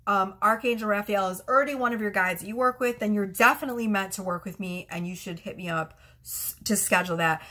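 Bright-voiced chatty tarot reader, woman. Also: mid-range voice. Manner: rambling, excitable, swears freely. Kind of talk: casual chatty vlog.

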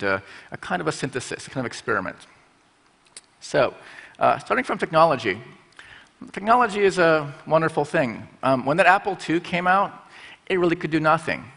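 Playful middle-aged man, bright voice, hall echo. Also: on the high side, expressive, moderate pace, creaky. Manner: playful, acts out little voices and reactions. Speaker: design school president giving a talk. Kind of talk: conference stage talk. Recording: long hall reverb.

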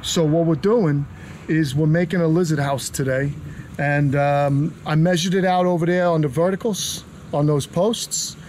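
A man's voice: fairly high pitch, moderate pace, darkish tone, slight background noise. A brash, joking man with a Long Island New York accent hosts a casual backyard building vlog. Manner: brash, joking, street-talking. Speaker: reptile channel host. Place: backyard, outdoors.

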